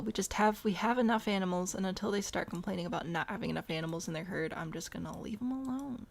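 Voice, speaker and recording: A woman streams a zoo-building game with casual let's-play commentary, talking through her thoughts and addressing the animals. She's on the low side, talks fast with vocal fry and barely pauses.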